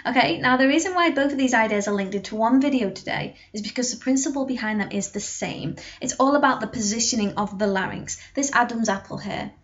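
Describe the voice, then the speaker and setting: A woman's voice: on the high side, fairly quick, few pauses, muffled recording. A young woman singing teacher giving a vocal lesson to camera, explaining technique with sung and spoken demonstrations.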